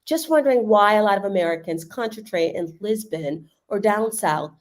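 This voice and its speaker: A woman's voice: mid-range voice, lively intonation, moderate pace, lightly acted. A woman voicing a commenter from London, reading a remark in an admittedly poor put-on British accent. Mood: reading aloud. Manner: self-consciously clumsy accent.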